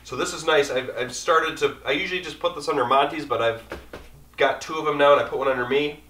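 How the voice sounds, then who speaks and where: A man's voice: on the high side, fast talker, pushed and bright, roomy sound, far from the mic. A man casually rambling through his camping gear in an easygoing, chatty way as an outdoor vlogger.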